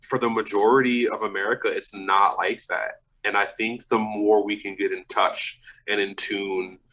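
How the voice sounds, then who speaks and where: A man's voice: on the low side, fairly even intonation, moderate pace, bright, forceful tone, low-quality recording. A young man in a casual podcast interview, talking loosely about selling vintage clothes, swearing and laughing often. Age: young adult.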